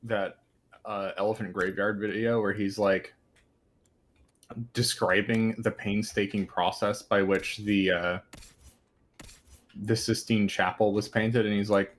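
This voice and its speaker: A man's voice: fairly low pitch, level tone, a little slow, long pauses. A man chatting beside a gamer, teasing her with dry jokes. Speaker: co-commentator. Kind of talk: casual chat.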